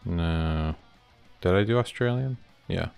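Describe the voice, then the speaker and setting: A man's voice: low-pitched, slow pace, creaky, darkish tone, smooth, faint music behind. A man livestreaming as he builds his game, thinking aloud, rambling and chuckling as he works through each step. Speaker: indie game developer streaming his work. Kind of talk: casual livestream, thinking aloud while working.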